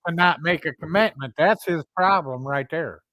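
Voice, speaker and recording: Co-host, man, slightly high voice, blunt and plain, dry close sound. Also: normal speed, sharp tone, no room sound.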